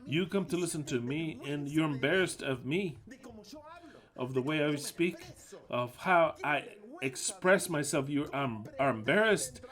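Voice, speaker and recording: A man preaching in a fiery, mocking rant, swearing often and swinging between low mutters and loud outbursts. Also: unhurried.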